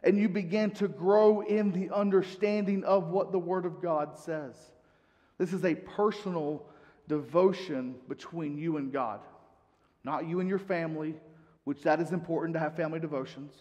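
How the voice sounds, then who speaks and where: A male pastor preaches to his congregation, moving between relaxed, chatty asides and scripture readings. His voice sits a little high, and it carries a long reverb from a church hall. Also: normal speed, lo-fi sound. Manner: conversational preaching, reads scripture aloud. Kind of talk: sermon.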